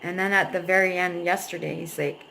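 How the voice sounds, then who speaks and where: A woman's voice: fairly low pitch, fairly even intonation, a little fast, creaky, pushed and bright, slight background noise, rough recording. A young adult woman vlogging, venting at length about a painful breakup in a rambling, emotional way and swearing freely. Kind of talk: personal venting vlog.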